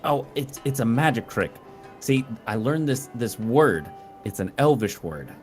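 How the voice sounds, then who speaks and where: Playful man with a lively low voice. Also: unhurried, faint music behind. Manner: playful, scheming. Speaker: player. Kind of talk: tabletop role-play.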